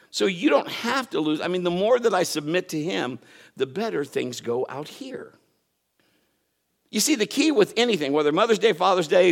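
A middle-aged man, a pastor giving a sermon as an animated storyteller who acts out conversations. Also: high-pitched, vocal fry.

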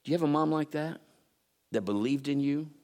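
A middle-aged pastor with a fairly high voice preaches a little fast, weaving in family stories. He brings them to life with playful mimicry and loud impressions.

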